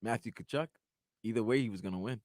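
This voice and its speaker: A man co-hosting a sports talk radio show, adding low-key, chuckling asides. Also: fast talker, a little mellow, no room sound, studio quality.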